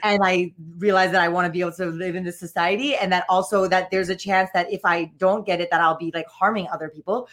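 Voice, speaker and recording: A woman who works as a stand-up comedian, chatting casually on a podcast, animated and laughing often as she tells rambling stories. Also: on the low side, quick pace, hardly any pauses.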